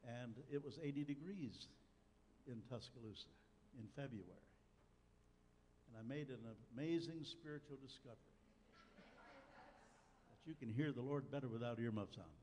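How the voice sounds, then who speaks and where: A man's voice: mid-range voice, moderate pace, pauses often, dark tone, slight background noise. An older man preaching a sermon, telling a personal story in a folksy way with dry humor. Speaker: pastor. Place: church sanctuary. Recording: long church hall reverb, faint ambience.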